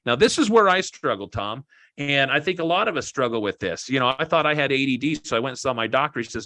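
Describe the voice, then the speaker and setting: A man's voice: mid-range voice, lively intonation, brisk, sharp tone, no room sound. A man giving a motivational talk to an online group, emphatic, repeating key phrases and joking with his listeners. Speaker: motivational speaker.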